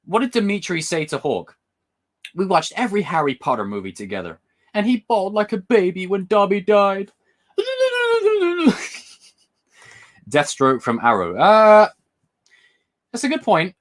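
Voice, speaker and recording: A young man hosting a casual livestream, talking excitably and rambling, often repeating himself. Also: medium pitch. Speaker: livestream host. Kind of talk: casual live-stream chat.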